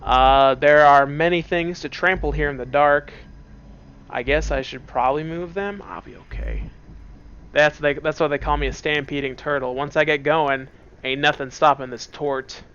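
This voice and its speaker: A man's voice: on the high side, fairly even intonation, normal speed, fairly bright tone, smooth, lo-fi sound. A man casually joking and rambling through commentary on a game, seated at a computer at home. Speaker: let's play gamer.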